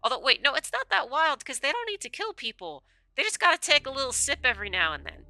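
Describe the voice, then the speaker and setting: A woman's voice: high voice, sing-song, fast talker, pushed and bright, no room sound. A woman streamer who chats casually with rambling asides while reading a game's text aloud.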